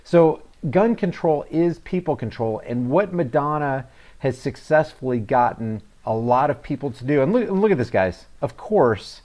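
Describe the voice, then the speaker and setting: A man's voice: mid-range voice, animated, normal speed, a little mellow. Man giving scornful, emphatic commentary. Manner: mocking, emphatic, with scornful asides. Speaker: reaction video host. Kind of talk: sarcastic political commentary.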